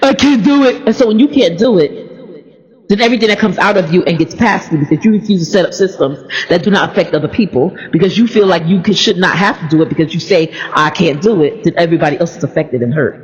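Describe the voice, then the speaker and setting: Animated woman preaching in a hall. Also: on the low side, fast. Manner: animated, storytelling, repeats phrases. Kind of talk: informal sermon. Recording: dull recording in a reverberant hall.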